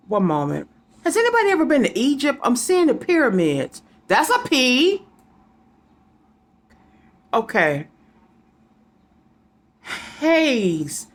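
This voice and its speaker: A woman's voice: medium pitch, wildly swooping pitch, moderate pace, long pauses. A woman giving a casual psychic reading to her viewers, rambling and repeating names and letters aloud as she goes. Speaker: psychic reader.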